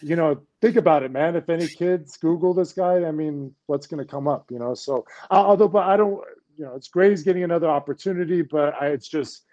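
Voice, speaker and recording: A man's voice: fairly high pitch, a little fast, warm tone, lo-fi sound. A man wrestler chatting loosely about what he saw and heard. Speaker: wrestler guest. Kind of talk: casual interview talk.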